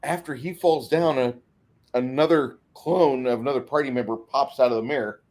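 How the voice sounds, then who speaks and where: A man's voice: mid-range voice, moderate pace, darkish tone. A man who runs tabletop games, chatting casually and eagerly about his campaigns. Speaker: dungeon master. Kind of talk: casual gaming chat.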